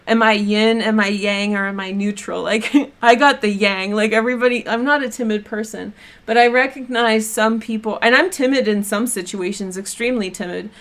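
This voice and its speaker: A young woman giving a casual weekly tarot and astrology reading to camera. She is chatty and bubbly, laughs often and fills her talk with "like" and "um". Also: mid-range voice.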